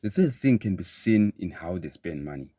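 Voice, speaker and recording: Deep-voiced man giving a motivational talk. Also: moderate pace, dry recording, clean studio sound. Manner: emphatic, repeats phrases, rises to bursts of excitement. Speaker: motivational speaker.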